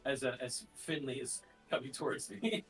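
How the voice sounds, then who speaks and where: A man's voice: mid-range voice, normal speed, fairly bright tone, far from the mic, soft background music, poor audio. A man playing in a tabletop game, hesitant, stacking fillers and repeated words. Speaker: player. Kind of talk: tabletop game role-play.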